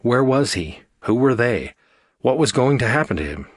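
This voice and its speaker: A man narrates a science fiction audiobook from a script, telling the story in a steady, even manner. He has a mid-range voice at normal speed, recorded at studio quality with no room sound.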